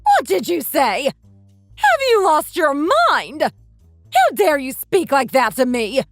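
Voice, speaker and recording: A woman's voice: fairly high pitch, sing-song, moderate pace, a bit bright, no echo, soft background music. A woman voicing a domineering mother-in-law in her sixties who scolds with contempt in a texting-story drama. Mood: furious. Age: 60s.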